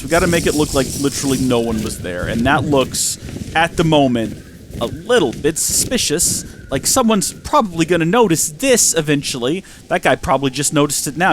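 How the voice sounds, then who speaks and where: Excitable man chatting through a game. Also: on the high side, background noise. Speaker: gaming channel host. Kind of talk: let's-play commentary.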